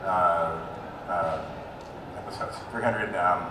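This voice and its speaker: A lower-voiced man answers questions on a convention panel, matter-of-fact and a little halting. He sounds far off in a roomy hall, with a steady buzz of noise around him.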